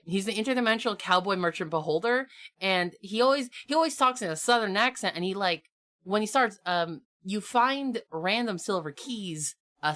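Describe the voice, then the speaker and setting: A woman's voice: mid-range voice, a bit bright. A woman co-hosting a gaming podcast, chatting casually and enthusiastically, full of "like" fillers. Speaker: podcast co-host and game master. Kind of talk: casual chat.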